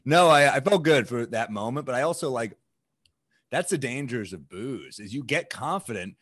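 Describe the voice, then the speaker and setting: A comedian telling stories over drinks in casual chat, acting out quotes and swearing freely. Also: male voice, medium pitch, normal speed, no room sound, clean studio sound. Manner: animated storyteller, acts out quotes loudly, swears freely. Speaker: comedian guest. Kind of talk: casual bar chat, storytelling. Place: bar, drinking on camera.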